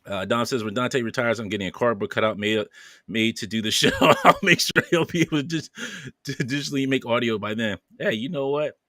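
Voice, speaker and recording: A man's voice: medium pitch, a little fast, pushed and bright, no room sound, clean studio sound. A man hosting a podcast, casually reading viewer comments aloud with playful banter and frequent laughter. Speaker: podcast host.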